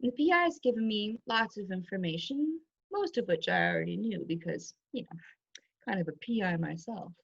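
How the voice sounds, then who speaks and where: A woman's voice: expressive, fairly quick, gravelly, husky, dry recording. A woman improvising a nosy, scheming middle-aged mother in a comedy scene, gossipy and conspiratorial. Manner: gossipy, conspiratorial, swooping pitch. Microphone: video call. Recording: dull lo-fi video call audio.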